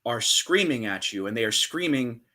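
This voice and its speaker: A man narrating a tabletop game as game master, with dramatic storytelling and hushed pauses. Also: medium pitch, expressive.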